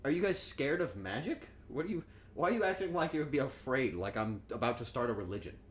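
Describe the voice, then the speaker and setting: A man's voice: mid-range voice, sing-song, fast talker, a little hiss or hum. A man chatting casually on a cooking stream, joking and rambling, and acting out quotes in goofy voices.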